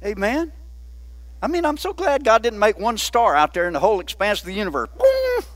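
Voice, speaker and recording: A man preaching a sermon, often asking the congregation "Amen?" and slowing down to stress key words. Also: high-pitched, sing-song, a bit bright, no room sound. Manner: call-and-response preaching with frequent "Amen?". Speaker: pastor.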